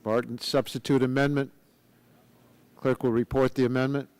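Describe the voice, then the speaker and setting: A man presiding over a formal committee hearing. He talks in halting phrases full of restarts and fillers, with a good-humored ease. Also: medium pitch, flat delivery, darkish tone, clean tone, dry recording, poor audio. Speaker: committee chairman.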